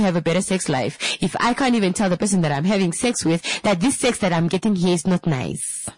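A woman's voice: fairly low pitch, expressive, a little fast, few pauses, darkish tone, dry recording, poor audio. A woman in a casual monologue to her viewers, emphatic, repeating phrases and asking rhetorical questions.

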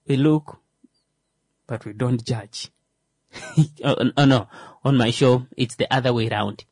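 A man's voice: mid-range voice, lively intonation, slow pace, pauses often, a little mellow, husky, dry recording. A man with a Namibian accent hosting his own show, reading an article aloud with joking asides and stumbling over the words. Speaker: show host. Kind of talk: solo commentary reading a news article.

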